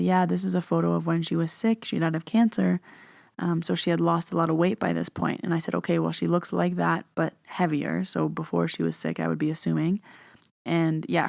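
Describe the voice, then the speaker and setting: A woman's voice: lowish voice, creaky, a little mellow, no echo, studio quality. A young woman casually telling a personal story in a chatty way, full of "like" fillers. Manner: chatty retelling, many "like" fillers. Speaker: podcast host and medium.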